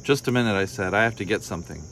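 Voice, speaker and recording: A man with a lowish voice reads a children's story aloud in a gentle, unhurried way. He nudges his voice higher and brighter for the children's questions and replies. Faint crickets chirp behind him. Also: a little hiss or hum. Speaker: storybook reader. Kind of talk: reading a picture book aloud.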